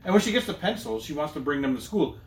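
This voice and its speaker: A man's voice: on the high side, animated, fast talker, reverberant, far from the mic, a little hiss or hum. A man co-hosting a podcast, telling loose, profane stories in casual chat. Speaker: podcast co-host.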